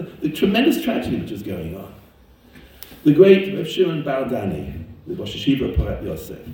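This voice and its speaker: A man's voice: mid-range voice, dark tone. A man telling stories in a sermon, an emphatic storyteller whose voice leaps up when he gets stirred. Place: lives in Israel. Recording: very echoey room, mic far off.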